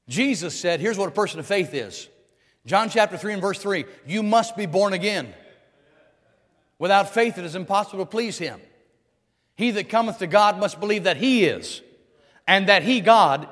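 A man's voice: high voice, fairly bright tone, in a large hall. A man preaching a sermon emphatically, repeating phrases and restarting as he drives each point home. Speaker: pastor.

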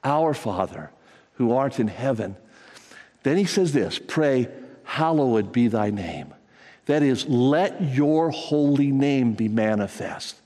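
A man's voice: mid-range voice, lively intonation, slow pace, mellow, big-room sound. A man preaching a sermon to his congregation, talking conversationally and building to fervent emphasis. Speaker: pastor.

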